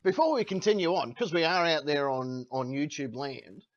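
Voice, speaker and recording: A man's voice: on the high side, normal speed. A man hosting a casual podcast. He rambles, restarts and says "uh" a lot. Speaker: podcast host. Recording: dull lo-fi sound.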